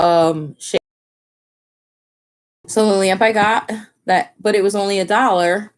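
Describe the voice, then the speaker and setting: A woman chatting casually on a home live stream, rambling with lots of fillers. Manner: slips into high baby talk with her dog. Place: family home.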